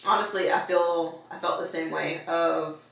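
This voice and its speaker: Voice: mid-range voice, fairly even intonation, moderate pace, vocal fry, a bit bright. A life coach guest in a casual faith conversation, speaking reflectively and laughing easily. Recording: very echoey room, far from mic.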